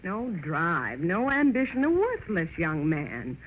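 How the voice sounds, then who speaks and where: Stern scolding mother, lively pitch, tinny old radio, hiss. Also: slow pace. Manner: scolding, insistent. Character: stern disapproving mother, middle-aged. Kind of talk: 1930s radio drama acting. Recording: tinny noisy 1930s radio broadcast.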